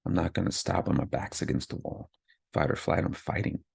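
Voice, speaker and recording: A man's voice: deep voice, fairly even intonation, a little fast, vocal fry, a little mellow, husky, no echo. A man hosting his own podcast, talking candidly and earnestly about growing from hardship, often checking in with "right?". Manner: earnest, self-affirming, frequent "right?" asides. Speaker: podcast host. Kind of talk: candid motivational monologue.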